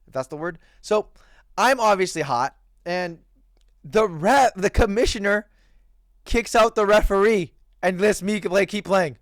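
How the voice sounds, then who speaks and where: Young dude ranting a story, cussing a lot, highish voice, dead dry room. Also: male voice, a little slow, no echo. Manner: heated, profane, animated retelling. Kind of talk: casual storytelling rant.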